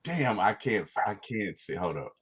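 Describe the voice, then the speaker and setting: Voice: sits low, sing-song, a little slow, slightly rough, highs cut off. A podcast host reviewing a movie, enthusiastic, laughing often and trailing off in restarts.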